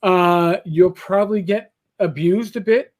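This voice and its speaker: A high-pitched male voice at a measured pace, with a New York accent, co-hosting a casual livestreamed podcast. He's a profane, rambling, animated storyteller who spins tales as he talks.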